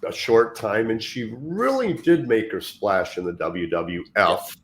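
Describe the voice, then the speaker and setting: Slow-talking man, halting candid chat. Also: lowish voice, expressive, a little hiss or hum. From Poland. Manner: halting, restarts often, candid. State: feeling unwell. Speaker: podcast co-host, former wrestler. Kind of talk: casual chat.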